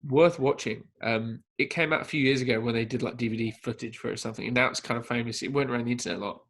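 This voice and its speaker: A man co-hosting a casual film podcast, telling an anecdote in a lively way and acting out the quotes. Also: mid-range voice, very fast. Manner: lively storyteller who acts out quotes. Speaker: podcast co-host. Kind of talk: casual podcast chat about films.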